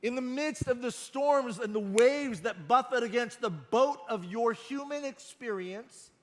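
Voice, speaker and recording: Male pastor, sermon, high voice, slow and emphatic, reverberant hall sound. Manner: earnest, emphatic, slows down on key phrases.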